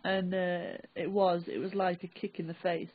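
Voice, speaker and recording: A young woman with a Northern English accent, recalling an experience in a halting, rambling, sweary way. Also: lowish voice, flat delivery, no room sound. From England. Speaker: vlogger. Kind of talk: casual first-person recollection. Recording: dry, tinny phone-like audio.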